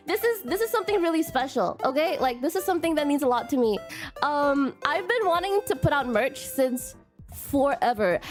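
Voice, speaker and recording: A young woman hosting a live stream, bubbly and nervous, tripping over her words and tacking a cute "question mark" onto her sentences, her voice strained from a recent illness. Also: sits high. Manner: bubbly, nervous, keeps adding a cutesy "question mark" tag; stumbles and repeats words. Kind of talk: casual live-stream chat.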